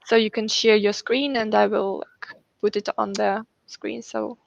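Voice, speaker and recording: A woman's voice: mid-range voice, level tone, a little slow, gravelly, dry recording, lo-fi sound. A woman hosting a live online event over a video call, speaking casually with hesitant fillers. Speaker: event host.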